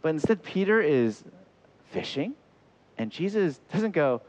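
A man preaching a sermon in an animated way, acting out the voices he quotes. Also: on the high side, unhurried. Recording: dull lo-fi sound.

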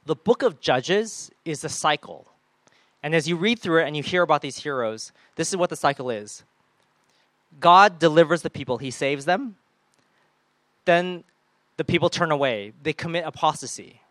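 Animated man preaching, dry close sound. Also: fairly high pitch, moderate pace, no room sound. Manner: animated, acts out quoted voices. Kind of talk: sermon.

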